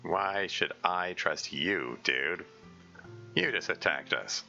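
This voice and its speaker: A man's voice: low voice, slow, vocal fry, bright, forceful tone, dull audio, soft background music, full character voice. A man voicing a blunt, distrustful teenage girl who speaks with sarcasm. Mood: suspicious. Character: gruff, suspicious teenage girl club member.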